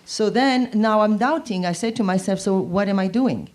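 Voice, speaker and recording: A woman's voice: mid-range voice, normal speed, darkish tone. A woman at a workshop, speaking earnestly and with doubt. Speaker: workshop participant.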